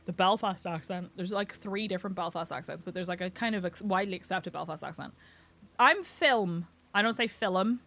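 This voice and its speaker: A woman's voice: mid-range voice, a bit bright. A young woman with a Northern Irish accent, chatting casually while streaming a game, laughing often and swearing lightly. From Northern Ireland. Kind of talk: casual live-stream chat while gaming.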